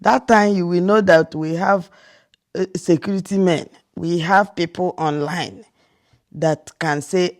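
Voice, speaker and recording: A woman's voice: fairly low pitch, fairly even intonation, a little slow. A Nigerian woman from Nigeria giving casual reaction commentary as a vlogger, incredulous and rhetorical, often restarting her sentences.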